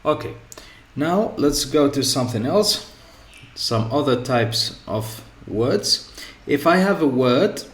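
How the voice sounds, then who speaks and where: Male teacher, measured slow delivery, mid-pitched, repeats example words, echoey classroom sound. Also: big pitch swings, fairly bright tone. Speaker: English teacher. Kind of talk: grammar lesson. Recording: echoey room.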